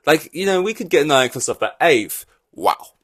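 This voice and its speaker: A man hosting a casual podcast, rambling in animated reaction chat with loose swearing and lots of fillers. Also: on the high side, moderate pace, dry recording. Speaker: podcast host.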